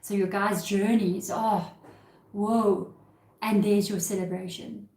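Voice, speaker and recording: A woman's voice: mid-range voice, fairly even intonation, takes it slowly, darkish tone, roomy sound, rough recording. A woman giving a live tarot reading, talking earnestly and emotionally about spirit guides and cards. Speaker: tarot reader.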